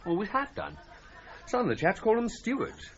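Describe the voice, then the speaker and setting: An actor playing a brisk, easygoing British husband on a colonial trek, with a teasing manner. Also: male voice, high voice, big pitch swings, some chatter behind. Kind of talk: radio drama acting. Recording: muffled radio recording with faint noise.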